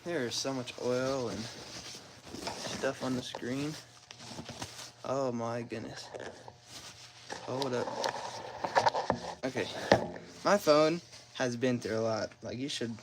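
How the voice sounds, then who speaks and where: Slow, rambling man working on an engine. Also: medium pitch, fairly even intonation, very noisy. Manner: rambling, self-deprecating, talks to himself while working. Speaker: car mechanic vlogger. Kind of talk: casual how-to narration while working. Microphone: phone propped nearby.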